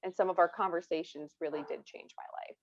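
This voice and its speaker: A woman's voice: on the low side, steady tone, quick pace, no echo, muffled recording. A young woman from rural Ohio, a guest author, talking earnestly and with enthusiasm in an interview. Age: young adult. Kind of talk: interview conversation.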